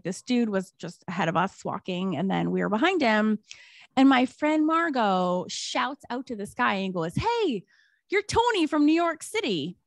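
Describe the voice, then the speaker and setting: A woman telling a story on a podcast in a casual, animated way, with lots of filler words and quoted voices acted out. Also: dry recording. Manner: animated, acts out quoted voices high-pitched. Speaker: podcast guest.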